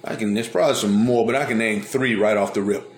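A male preacher retells Bible stories in a lively, conversational way, dropping into everyday slang as he goes. His voice carries in an echoey room. A faint background hum sits under it. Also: lowish voice, quick pace. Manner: animated, retells scripture in everyday vernacular. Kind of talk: sermon storytelling.

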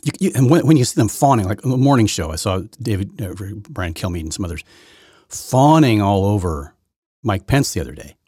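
A man's voice: on the low side, animated, fast, hardly any pauses, mellow, husky, no echo, studio quality. A man hosting his own podcast, giving rambling, opinionated solo commentary full of restarts and repeated words. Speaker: podcast host.

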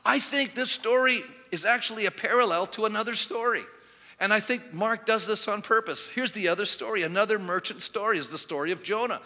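A pastor with a high, bright, forceful voice delivers a sermon in a chatty way, full of rhetorical questions. A long reverb trails each phrase, as in a large sanctuary. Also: male voice, fairly quick. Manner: conversational preaching with rhetorical questions.

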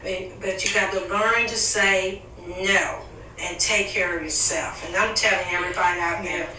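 A woman's voice: medium pitch, steady tone, moderate pace, bright, forceful tone, slight background noise. Woman giving emphatic advice, echoey room. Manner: advising, preachy and emphatic. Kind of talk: candid family conversation. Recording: echoey room, mic at a distance.

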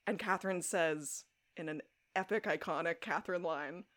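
A woman's voice: lowish voice, moderate pace. A woman co-hosting a podcast, recapping a TV episode in casual chat, swearing freely and acting out the characters' lines. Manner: animated, swears, acts out quotes. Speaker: podcast co-host.

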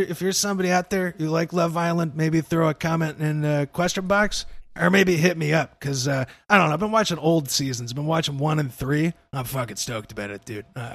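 A young man with a slightly high, gravelly voice, chatting loosely on a podcast. He talks in a relaxed, rambling way, swears freely and keeps saying "dude". The sound is dry and close, with no room around it. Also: a little fast, no room sound. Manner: laid-back, swears a lot, says "dude". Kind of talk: casual chat.

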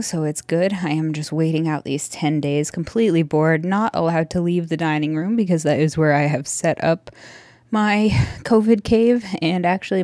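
A woman's voice: fairly low pitch, mellow, no echo. A woman podcast host giving a casual, rambling solo update from her dining room, sounding out of breath and apologetic. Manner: chatty, apologetic, rambling with many fillers. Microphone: close handheld microphone.

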